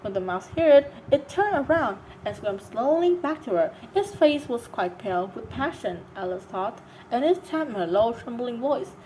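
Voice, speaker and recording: A woman's voice: fairly high pitch, lively intonation, normal speed, few pauses, a little mellow, a little hiss or hum, poor audio. A woman reading a storybook aloud, narrating with some stumbles. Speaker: reader.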